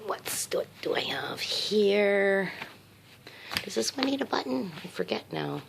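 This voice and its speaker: A middle-aged woman and grandmother vlogging casually at home, talking to her viewers in an excited, emotional, chatty way. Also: mid-range voice, a little slow, gravelly, noisy background. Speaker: crochet vlogger. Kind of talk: casual vlog chat while packing. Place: at home, indoors.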